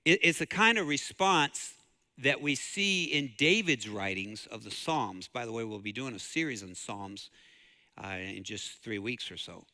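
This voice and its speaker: A man's voice: medium pitch, expressive, measured pace, pushed and bright, big-room sound. A man from the preaching a sermon as pastor, telling a story and rising to fervent emphasis. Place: church sanctuary.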